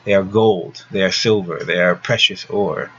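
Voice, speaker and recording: A strange, soothing young man speaks softly and slowly, almost in a hush, as a male reader voices him. His low tone carries a calm, unsettling tenderness over a dull, faintly hissing recording. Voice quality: soft, hushed and measured.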